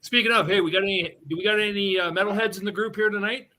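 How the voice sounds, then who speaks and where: A man's voice: high voice, fairly even intonation, quick pace, crowd noise. A man chatting on a live hockey betting stream, telling stories with plenty of swearing and acting out the people he quotes. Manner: swearing storyteller, acts out quoted voices. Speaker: show guest, hockey fan. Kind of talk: casual chat.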